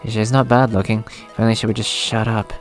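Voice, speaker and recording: A man's voice: on the low side, little pitch movement, brisk, faint music behind, natural voice. A man reading the lines of a wry, grumbling young male thief with a dry, sarcastic manner. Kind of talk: reading game dialogue aloud.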